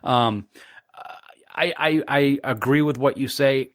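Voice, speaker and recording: A man co-hosting a podcast, enthusiastic and quick to laugh, stammering at the starts of thoughts. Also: mid-range voice, no echo, studio quality. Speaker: podcast co-host. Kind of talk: casual podcast chat.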